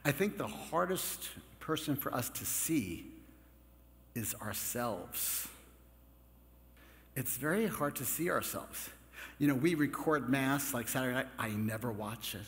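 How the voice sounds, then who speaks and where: A man preaching a Catholic sermon in a relaxed, conversational way, with joking asides to the congregation. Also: mid-range voice, unhurried. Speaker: Catholic priest. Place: large church. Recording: long church reverb.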